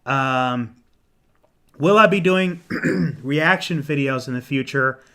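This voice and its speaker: A young man casually answering viewer comments on a live stream, rambling with ums and restarts, clearing his throat and losing his voice. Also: mid-range voice, slow pace, a bit bright. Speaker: menswear YouTuber hosting a live Q&A.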